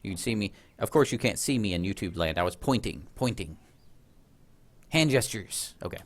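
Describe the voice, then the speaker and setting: A man's voice: on the low side, animated, normal speed. A man giving casual, chatty commentary while playing a strategy game, often joking at his own expense. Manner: chatty, self-deprecating, laughs at himself. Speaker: let's play host.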